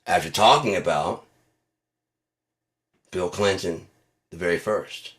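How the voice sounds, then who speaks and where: A man's voice: sits low, takes it slowly, a bit bright. A man hosting his own channel, delivering a profane, heated, mocking rant. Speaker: channel host. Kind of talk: ranting monologue.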